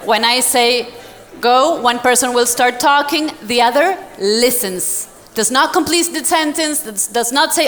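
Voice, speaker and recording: Animated woman speaking on a stage. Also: fairly high pitch, unhurried. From Latin America. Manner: animated, laughing often, directing the audience. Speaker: motivational speaker. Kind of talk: live stage talk to an audience. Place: large event hall. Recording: long hall reverb.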